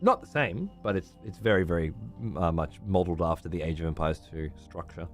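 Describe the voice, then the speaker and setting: A man's voice: low voice, expressive, a little fast, soft background music. A man with an Australian accent, hosting a stream in casual, profane chat and laughing often. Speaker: streamer host.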